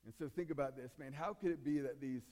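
A man's voice: medium pitch, quick pace, a little mellow. A male pastor giving a conversational sermon and now and then acting out the voices in the story. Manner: conversational preaching, acts out voices. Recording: long hall reverb.

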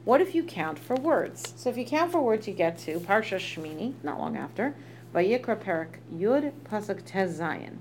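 A woman's voice: medium pitch, very animated, normal speed, a little mellow. Lady teaching a text study, talky and explaining as she goes, bit of hum in the back. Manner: chatty, explains with asides, reads Hebrew verses aloud then translates. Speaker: Torah teacher.

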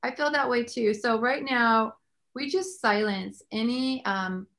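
A woman hosts a faith-based talk show with a bright, slightly high voice. She tells stories with lively energy and prays aloud with conviction. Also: unhurried. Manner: animated storyteller, prays aloud. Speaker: host.

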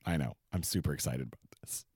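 A man's voice: a bass voice, quick pace, darkish tone, husky, dry recording. A man co-hosting a podcast, chatting casually with an opinionated, sarcastic delivery. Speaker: podcast co-host. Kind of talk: casual chat.

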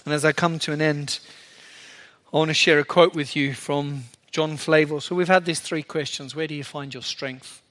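A man preaching a sermon, swinging between loud emphasis and soft, low asides. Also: steady tone, moderate pace.

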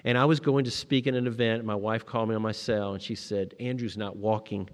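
A middle-aged man preaching a sermon, telling personal stories, rising to emphatic peaks and dropping to quiet moments. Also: lowish voice, quick pace, long reverb tail. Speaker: pastor.

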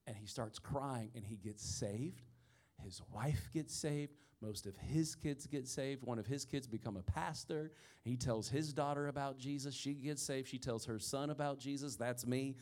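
A male pastor preaching a sermon with real fire. He drops to a near-hush for a story, then climbs to loud, slow, emphatic lines, and he trips over his words and restarts as he goes. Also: medium pitch. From rural area of the country. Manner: impassioned preaching, swinging from hushed storytelling to loud emphatic peaks; frequent stammered restarts.

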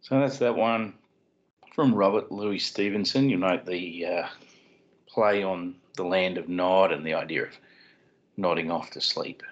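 Deep-voiced man, explaining. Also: a little slow. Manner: explanatory, with wry puns. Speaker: podcast co-host. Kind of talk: casual chat and Bible teaching. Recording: dull lo-fi sound.

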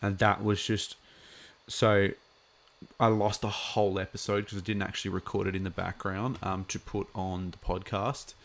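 A man's voice: low voice, little pitch movement, normal speed, gravelly. A man chatting casually as a live streamer, rambling with many fillers.

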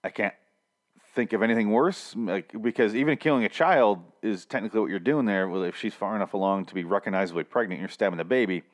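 Profane rambling man recapping a show. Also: on the low side. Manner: profane, rambling, quick to act out characters' lines. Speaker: TV episode recap host. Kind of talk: casual episode recap.

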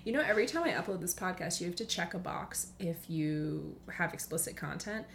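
A woman's voice: on the low side, animated, brisk, gravelly, a bit bright, slight background noise. A young woman hosting a casual podcast monologue from home, chatty, dropping into whispers for asides. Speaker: podcast host.

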